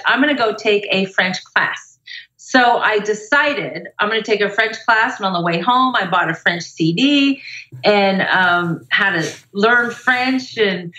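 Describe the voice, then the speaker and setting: A middle-aged woman with a bright, forceful voice tells a lively story as a motivational speaker. She sounds upbeat and energetic, and her voice carries through an echoey room. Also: mid-range voice, a little slow. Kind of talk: casual interview storytelling.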